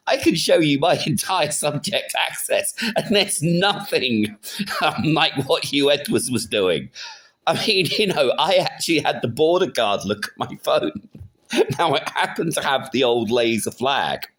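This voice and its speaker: A middle-aged man rants his way through a casual political vlog. His pitch swings widely as his tone turns mocking, and he often laughs at his own jokes. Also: a bit bright. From United Kingdom. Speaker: political vlogger. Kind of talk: casual ranting monologue.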